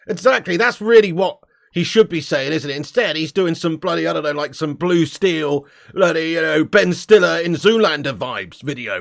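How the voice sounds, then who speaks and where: A man's voice: fairly high pitch, animated, moderate pace, creaky. A man hosting a casual live-stream fan show, blunt and sweary, laughing between rants.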